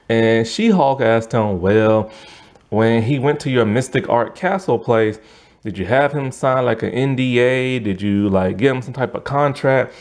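A man giving a casual, rambling review monologue with lots of fillers and frequent laughs, sounding tired. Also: mid-range voice. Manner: rambling, animated, laughs often, many fillers. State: yawning, tired. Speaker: movie and TV reviewer.

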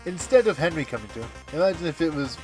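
A man's voice: on the high side, expressive, fast talker, soft background music. A man joking and bantering in a casual chat while playing a video game on stream. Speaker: let's play co-commentator. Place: home streaming setup. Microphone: streaming microphone.

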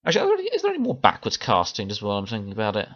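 A man's voice: lowish voice, wildly swooping pitch, rapid-fire, fairly bright tone, slightly rough, muffled recording. A man chatting casually about a TV miniseries, laughing often and restarting his sentences. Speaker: video essayist. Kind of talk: casual chat review.

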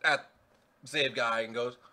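A man narrating a tabletop game as game master, in a lively, stumbling way. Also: medium pitch, measured pace.

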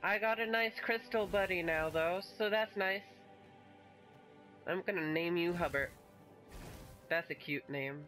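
Guy doing slow goofy game commentary, talks to all the aliens, music going behind. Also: high voice, sharp tone. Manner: chatty and playful, talks to the game creatures. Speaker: gaming video host. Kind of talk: casual gameplay commentary.

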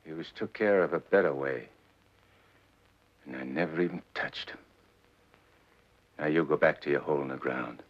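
A middle-aged actor playing a tough gangster back from the dead, talking in slangy, sardonic menace in 1940s film style. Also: male voice, very deep voice, normal speed, long pauses. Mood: cocky. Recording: muffled 1940s film soundtrack with score.

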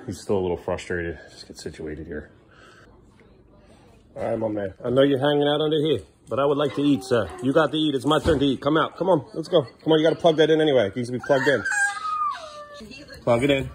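A man's voice: medium pitch, a little fast, noisy background. A father vlogging at home in his kitchen, talking casually and playfully to his young sons, often slipping into sing-song baby talk. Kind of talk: casual home vlog chat with his children.

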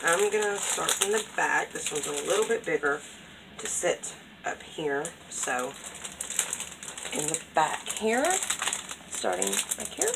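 A woman's voice: sits low, very animated, takes it slowly, creaky, very noisy. A woman vlogger, chatting casually as she unboxes craft mail, gushing and gasping with delight at each item. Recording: crinkling packaging and clicks over the voice.

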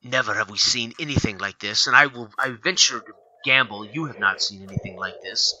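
A man's voice: fairly low pitch, a little fast, bright, forceful tone, slight background noise, pitched below the performer's own voice, low-quality recording. A man playing a weary, besieged feudal lord who talks in a formal, old-fashioned way. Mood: grave. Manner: formal, archaic phrasing.

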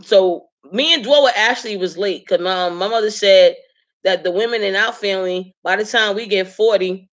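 A woman in her late forties talks straight to her audience in a casual, animated chat, leaning hard on her points and breaking into laughter often. Her voice is bright and sharp-edged, at a middling pitch. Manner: laughs often while telling stories. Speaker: live stream host.

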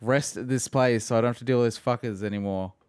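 A young man giving profane, excitable let's play commentary, laughing and mocking as he plays. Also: mid-range voice, fast, a little hiss or hum. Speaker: gaming video host.

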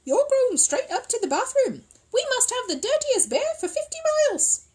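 A woman voicing a brisk, bossy housekeeper who exclaims sharply. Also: extremely high pitch, big pitch swings, a little mellow, pitched above the performer's own voice.

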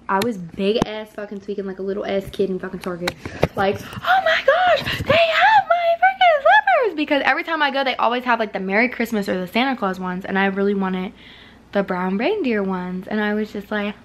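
A young woman, chatting casually and excitably in a vlog, swearing freely and using slang. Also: medium pitch, a little fast, heavy background noise. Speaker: vlogger.

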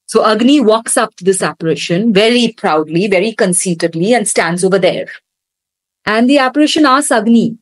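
A woman instructor retelling a scripture story in an animated storytelling manner during a lesson. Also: mid-range voice, normal speed, dry recording, rough recording.

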